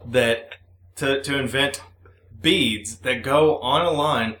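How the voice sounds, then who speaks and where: A man's voice: mid-range voice, takes it slowly. A man in casual, crude banter, telling stories animatedly and acting out the dialogue. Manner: animated storyteller, acts out dialogue. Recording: echoey room with faint background hum.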